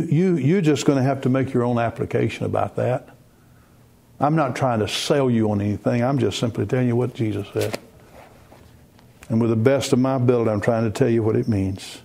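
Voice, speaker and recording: A man preaching a broadcast sermon, earnest, repeating words and slowing down to stress his points. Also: medium pitch, creaky, darkish tone, slightly rough. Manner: earnest, repeats words, slow emphatic phrasing.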